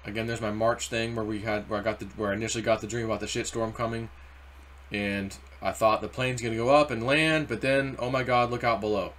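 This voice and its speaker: A man with a middle-of-the-road pitch talks crypto charts in a loose, rambling way. He jumps between numbers and acted-out asides, animated and unscripted. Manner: rambling, animated, acts out quotes. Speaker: crypto YouTuber. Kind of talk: casual chart commentary. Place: car or home desk.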